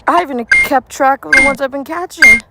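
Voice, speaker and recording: A woman's voice: sits high, fairly quick. A woman gaming vlogger chatting casually and speculating aloud while she plays. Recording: loud background noise.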